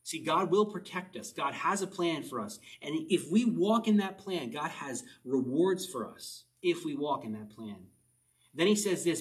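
A man's voice: fairly high pitch, lively intonation, measured pace, distant mic, low-quality recording. A man preaching a casual sermon, reading a psalm and explaining it in a chatty way, asking his listeners questions and often chuckling. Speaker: pastor.

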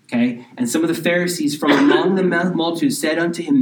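A man preaching a sermon, reading scripture slowly and explaining it in casual asides, now and then dropping almost to a whisper. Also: fairly high pitch, recorded from a distance, poor audio. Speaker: pastor.

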